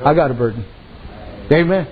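High-voiced man preaching a folksy sermon. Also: animated, moderate pace. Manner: folksy storytelling, frequent amens and "you know". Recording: muffled with faint background noise.

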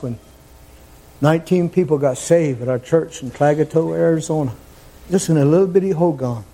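Fervent man preaching, pitch soaring. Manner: fervent, rising to near-shouts, repeats phrases. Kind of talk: sermon.

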